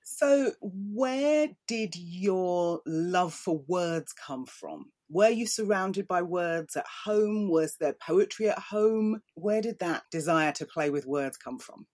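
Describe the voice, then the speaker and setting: A woman's voice: on the low side, animated, takes it slowly, few pauses, darkish tone. A woman interviewing a poet, asking curious, probing questions.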